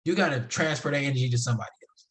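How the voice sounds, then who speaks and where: A man's voice: mid-range voice, very fast, fairly bright tone. A young man hosting a solo podcast, talking casually in a slangy, emphatic, preachy way. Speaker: podcast host.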